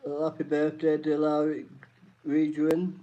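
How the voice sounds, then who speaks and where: A man's voice: on the high side, monotone, a little slow, mellow. A man hosting a live-stream trivia night, reading each question twice and greeting chat viewers by name. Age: adult. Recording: dull lo-fi stream audio.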